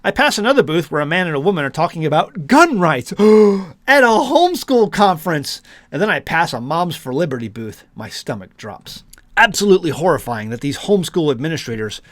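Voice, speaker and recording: A man's voice: a little high, lively intonation, fast talker, a bit bright, no room sound. A man from the United States who hosts a homesteading channel, reading an article aloud and breaking in with sarcastic asides.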